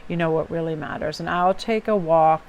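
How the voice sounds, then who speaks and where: Chatty upbeat woman, lowish voice. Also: darkish tone, slight background noise. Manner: chatty and upbeat, quick laughs and asides. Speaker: tarot channel host. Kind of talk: casual motivational vlog talk.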